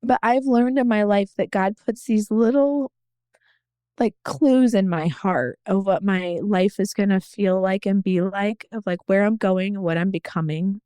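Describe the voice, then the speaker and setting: A woman's voice: mid-range voice, fairly even intonation, measured pace, mellow, smooth, dry recording, studio quality. A woman guest on a podcast, telling her story in a candid, earnest and reflective way.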